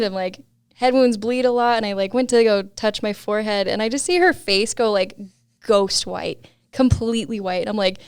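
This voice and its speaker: A woman's voice: medium pitch, moderate pace, darkish tone, clean tone, no echo, studio quality. A young adult woman, a podcast guest, telling a story in casual chat, laughing often and saying "like" a lot.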